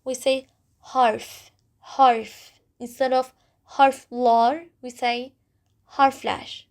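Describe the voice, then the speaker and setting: A woman's voice: high voice, level tone. A woman teaching a Turkish lesson in simple English, with small grammar slips, repeating each word patiently to show how it sounds. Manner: patient, repeats words several times, drawn-out pronunciation examples. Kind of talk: slow explanatory language lesson.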